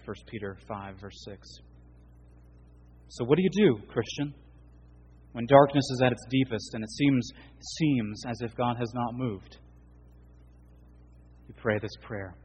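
Male pastor, husky voice, earnest preaching delivery with loud peaks and quiet drops. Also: medium pitch, poor audio. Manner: earnest preaching, swelling and dropping in volume. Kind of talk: sermon.

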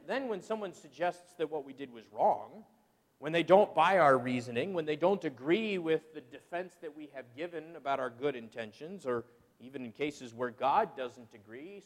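A middle-aged pastor preaches a sermon in a high, lively voice whose pitch swings widely, acting out people's excuses in quoted voices. The long reverb of a church hall rings around his words.

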